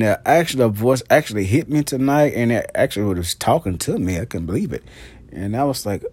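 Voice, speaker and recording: A man's voice: mid-range voice, darkish tone, dry recording. Brash, profane man podcasting. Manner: brash, profane and gossipy, laughing often. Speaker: podcast host. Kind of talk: casual monologue.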